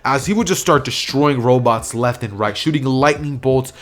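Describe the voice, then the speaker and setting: A man's voice: medium pitch, moderate pace. A man narrating an anime fan story in a casual, rambling way with plenty of fillers. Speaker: YouTube storyteller. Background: soft music.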